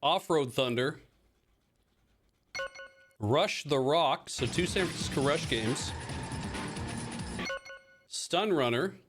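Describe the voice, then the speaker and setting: A man's voice: a little high, lively intonation, takes it slowly, pauses often, over music. A man hosting a livestream, chatting casually and rambling while he unboxes and plays games, joking at his own expense and swearing now and then. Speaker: livestream host.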